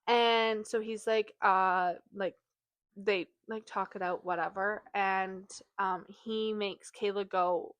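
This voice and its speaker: This book podcast co-host speaks slowly at a medium pitch, with no room sound in the recording. Retelling a plot in casual chat, she uses plenty of fillers, especially "like," and grows animated when acting out quotes.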